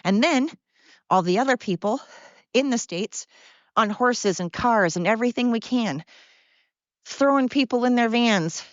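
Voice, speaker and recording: A woman's voice: fairly high pitch, expressive, measured pace, pauses often, no room sound. A middle-aged woman rants on her podcast while walking outdoors in the cold, out of breath and swearing freely. Her tone stays blunt and sarcastic throughout. The recording is dull and lo-fi, with a dry, close sound. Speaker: podcast host. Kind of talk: casual ranting monologue.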